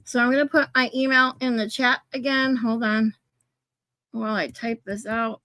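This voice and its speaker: A woman's voice: fairly high pitch, fairly even intonation, moderate pace, sharp tone, no room sound. A woman hosting a casual livestream, chatting with viewers, swearing casually and laughing often. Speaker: livestream host. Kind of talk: casual livestream chat, reading chat.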